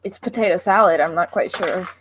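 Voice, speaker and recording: A woman's voice: fairly low pitch, fairly quick, a little hiss or hum. A young woman filling in on a casual livestream, chatting in a playful, teasing way. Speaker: streamer's girlfriend.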